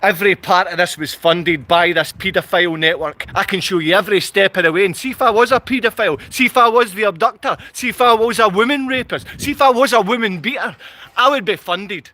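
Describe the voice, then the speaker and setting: Ranting Glasgow man, high-pitched voice. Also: a little fast, bright, forceful tone. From Scotland. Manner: furious, insulting, repetitive ranting. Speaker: vlogger. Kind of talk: angry direct-to-camera rant.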